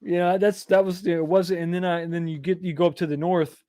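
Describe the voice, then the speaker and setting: Chatty man, slightly high voice. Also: level tone, brisk, dark tone, no echo, studio quality. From East Texas, USA. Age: 40s or 50s. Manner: rambling, self-deprecating, chuckling asides. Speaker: live stream host. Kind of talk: casual live chat reading comments.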